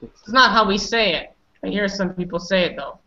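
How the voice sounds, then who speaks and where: A woman's voice: medium pitch, moderate pace, bright, forceful tone. Female pronunciation teacher, patient and corrective, on muffled lo-fi call audio. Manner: patient, correcting and prompting students. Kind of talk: online class instruction.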